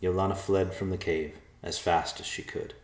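Deep male audiobook reader, measured, kinda echoey room. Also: fairly even intonation. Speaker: narrator. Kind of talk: audiobook narration.

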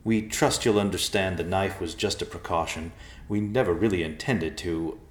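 A man's voice: sits low, moderate pace, close to an everyday voice. A man voicing a nervous, polite tall man who hesitates as he talks. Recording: roomy echo.

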